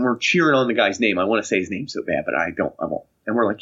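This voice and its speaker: Husky animated man telling stories. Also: lowish voice, a little fast, hardly any pauses. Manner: animated, acts out voices in anecdotes, laughs often. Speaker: podcast co-host. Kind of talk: casual storytelling chat. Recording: dull lo-fi podcast audio.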